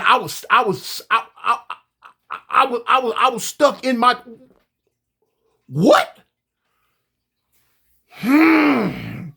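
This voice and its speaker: A man telling a story casually, animated and profane, often stammering and repeating himself. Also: very high-pitched.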